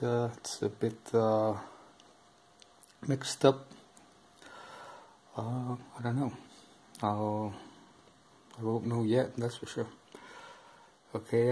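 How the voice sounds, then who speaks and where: Slow, hesitant man reading rules. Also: medium pitch, a little mellow, a little hiss or hum. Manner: hesitant, halting, full of uh and um. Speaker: board game unboxing host. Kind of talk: casual reading aloud from a rulebook. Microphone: camera filming over the table.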